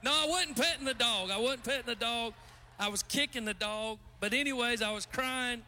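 A man preaching as a guest pastor in a casual, joking sermon. He is chatty and pokes fun at himself, then bursts into loud exclamations. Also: extremely high pitch, moderate pace.

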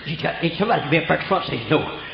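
A man's voice: fairly high pitch, lively intonation, racing, creaky, crowd noise. An older man preaching a folksy storytelling sermon, from Oklahoma, with homespun rural grammar. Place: church. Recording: echoey church room, dull lo-fi sound.

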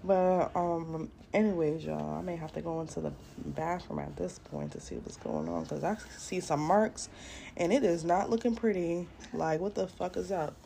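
A woman's voice: lowish voice, expressive, moderate pace, creaky, warm tone, a little hiss or hum. A young woman hosting a casual storytime vlog, talking bluntly and profanely straight to her viewers. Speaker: podcast host. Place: at home doing makeup.

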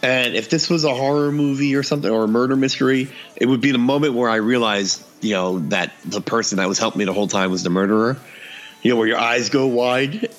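A man's voice: mid-range voice, fast, soft background music. A man casually telling a funny story on a podcast, acting out the dialogue and laughing often.

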